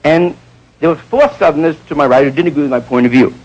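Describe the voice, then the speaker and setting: A man doing stand-up storytelling, jumping into quick voices of the people in his stories. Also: on the high side, a little mellow, highs cut off. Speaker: stand-up comedian.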